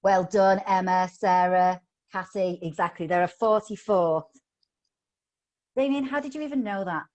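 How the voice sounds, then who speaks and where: A woman's voice: mid-range voice, moderate pace, darkish tone. A middle-aged woman training teachers in phonics over a video call, upbeat, coaxing and playful. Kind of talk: live online teacher training.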